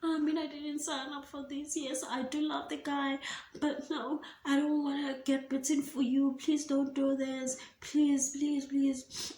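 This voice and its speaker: A woman's voice: flat delivery, unhurried, warm tone, far from the mic. A woman voicing a panicked young woman who begs to be left out of a fight. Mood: pleading. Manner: high and pleading. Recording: echoey room.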